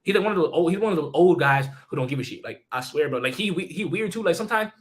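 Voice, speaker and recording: A man's voice: fairly high pitch, lively intonation. A young man streaming, telling a story in casual slang, swearing a lot and often repeating and restarting his phrases. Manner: rapid, profane slang, lots of repeats and restarts.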